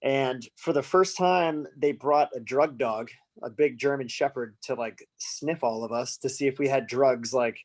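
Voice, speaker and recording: A man from the United States, a musician guest on a podcast, telling a loose, laughing anecdote full of fillers. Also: mid-range voice. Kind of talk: casual storytelling.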